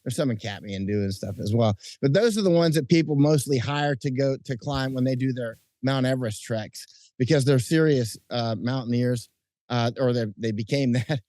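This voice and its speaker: A middle-aged man chatting outdoors at night as an interview guest, telling animated stories with frequent restarts and chuckles. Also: mid-range voice, moderate pace, dry recording, studio quality. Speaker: interview guest, combat correspondent. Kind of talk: casual interview chat. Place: outdoors at night under lights.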